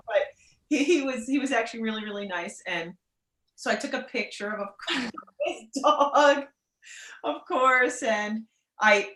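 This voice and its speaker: A woman's voice: a little high, measured pace, reverberant, slight background noise. A woman guide chatting casually and animatedly, acting out voices as she tells stories. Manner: animated, acts out quoted voices, laughs often. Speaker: tour guide. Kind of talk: casual chat.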